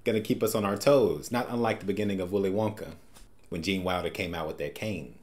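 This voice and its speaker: A man's voice: deep voice, brisk, over music. A man hosting a first-time movie reaction, making jokey, wisecracking asides. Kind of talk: casual reaction commentary.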